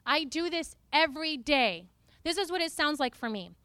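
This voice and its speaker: A woman preacher giving a lively, playful teaching talk to a congregation, often breaking into sung and spoken snippets. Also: sits high, moderate pace, no echo.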